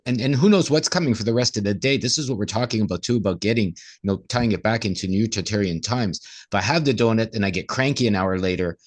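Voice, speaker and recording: A man's voice: lowish voice, fast. A man, co-host of a casual discussion, who often acts out inner voices in quoted asides.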